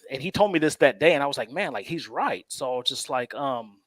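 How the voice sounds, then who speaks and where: A man's voice: medium pitch, expressive, brisk, a bit bright, dry recording. A man co-hosting a casual sports chat, telling a personal story at an easy pace and laughing often. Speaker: co-host.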